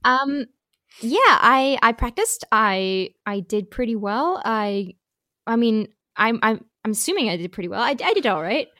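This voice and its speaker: A woman's voice: fairly high pitch, lively intonation, measured pace, pushed and bright, no echo. Young woman, Midwestern accent, rambling casual chat, self-deprecating, dry close sound. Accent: Midwestern American. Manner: chatty, rambling, self-deprecating, many restarts. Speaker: actor and pianist.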